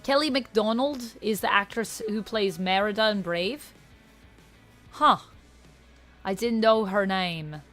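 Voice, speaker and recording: Gal hosting a just-chatting stream, talky and loose, quiet music underneath. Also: female voice, mid-range voice, takes it slowly, long pauses. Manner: chatty, reads and answers chat aloud. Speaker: livestream host. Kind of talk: casual just-chatting livestream.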